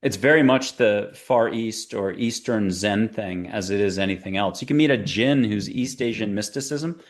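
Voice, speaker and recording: A man being interviewed as a spiritual teacher, talking in a chatty, playful way with quick tangents and jokes. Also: fairly low pitch. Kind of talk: conversational interview talk.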